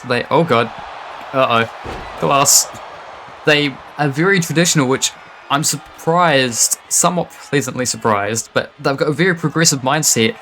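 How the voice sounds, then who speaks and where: A man calling a wrestling match live, excitable and quick to laugh and exclaim. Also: mid-range voice, noisy background. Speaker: wrestling commentator. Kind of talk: live play-by-play commentary.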